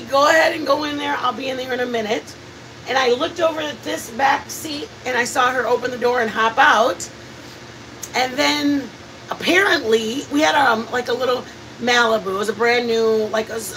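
A cooking channel host tells family stories casually while cooking live, chatting with viewers and laughing as she goes in an animated way. Her voice is a little high and her speed normal. Recorded from a distance with a faint noise floor, the audio is low quality.

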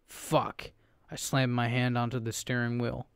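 A man narrating a first-person horror story in a steady, low storytelling delivery. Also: a little fast, gravelly, smooth, no echo, clean studio sound.

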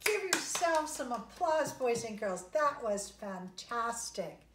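Slow sing-song woman teaching kindergarten music. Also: a little high, big pitch swings, fairly bright tone, slight background noise. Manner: cheerful, sing-song, slow and encouraging, spells and claps along. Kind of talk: recorded online music lesson for children. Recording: echoey room, voice from a distance.

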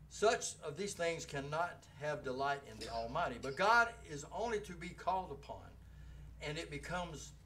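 A middle-aged preacher with a Southern drawl, his voice pitched fairly high for a man. He preaches in a folksy, animated way, swinging between rousing calls and soft asides to his flock. The sermon is delivered in a church. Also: a little hiss or hum. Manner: folksy, animated, shifting from loud exhortation to quiet asides. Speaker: pastor. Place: church sanctuary.

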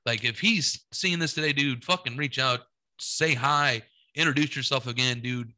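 A young adult man co-hosting a podcast, telling a long story in a rambling, profane way and acting out the dialogue with lively voices. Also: medium pitch, moderate pace, no room sound. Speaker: podcast co-host.

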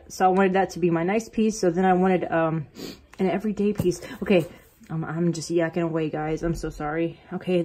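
Gushing, husky-voiced woman vlogger. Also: fairly low pitch. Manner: gushing, excitable and rambling. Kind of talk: casual unboxing vlog. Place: bathroom at home.

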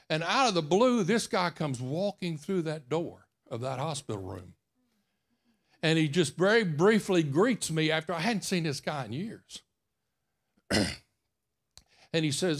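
Folksy man preaching. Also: fairly high pitch. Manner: folksy storytelling, quiet and intimate. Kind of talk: sermon with personal story. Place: church.

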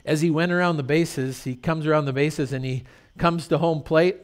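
A man's voice: a little high, fairly even intonation, moderate pace. A middle-aged male pastor preaching a sermon in a conversational, storytelling way with rhetorical questions.

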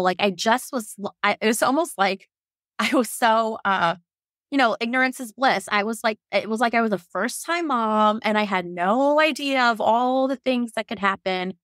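A woman in her thirties telling her own story in a casual, animated way, quoting herself and others and laughing often. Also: a little high, normal speed, dry recording, clean studio sound. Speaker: podcast guest telling her birth story.

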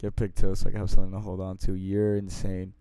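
A young man streaming live, casually answering viewer questions in slangy, profane talk that swings between mumbled asides and loud bursts. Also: low voice, completely flat delivery, fast talker, smooth, no echo.

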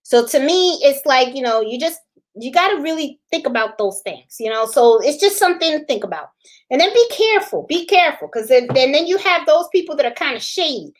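Chatty high-voiced woman live-streamer. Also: expressive, a little fast, low-quality recording. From Puerto Rican. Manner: chatty, repeats herself, laughs often. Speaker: livestream host. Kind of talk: casual live-stream chat.

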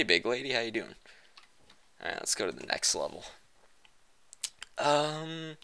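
A man's voice: medium pitch, sing-song, a little slow, gravelly, long pauses, a little hiss or hum. A young man giving joking let's-play commentary, muttering one moment and yelping the next. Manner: jokey, swings from muttering to yelping shouts. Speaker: gaming commentator.

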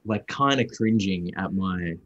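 Man, Australian accent, young adult, low voice, rambling, dry dull call audio. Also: unhurried, no room sound. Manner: rambling, restarts often, lively storytelling. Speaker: actor guest. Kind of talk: casual interview.

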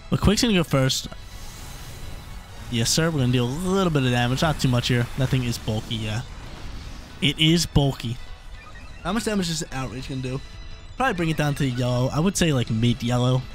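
Gaming host, male, mid-range voice, chatty play-by-play commentary, throat a little rough, soft music under him. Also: mid-range voice. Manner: excitable, chatty, thinks out loud. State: coughing, throat irritated. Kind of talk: live commentary on a video game battle.

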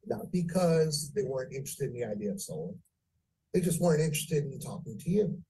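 A man teaching phone sales, speaking deliberately and varying pitch and pace for effect. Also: sing-song, mellow, recorded from a distance, slight background noise, low-quality recording. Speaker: sales trainer. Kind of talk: training lecture.

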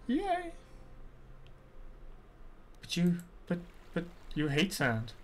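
A man's voice: high voice, animated, moderate pace, fairly bright tone, a little hiss or hum. A man commenting casually on a game he is playing as a streamer, chatty, swearing often and talking back at the screen.

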